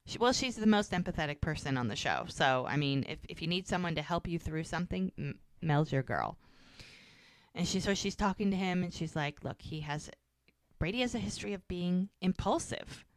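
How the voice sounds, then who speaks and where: A woman co-hosting a podcast, chatting casually and retelling scenes with animated acted-out dialogue. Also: lowish voice, a little fast, no room sound, studio quality. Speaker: podcast co-host. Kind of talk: casual chat recapping a TV episode.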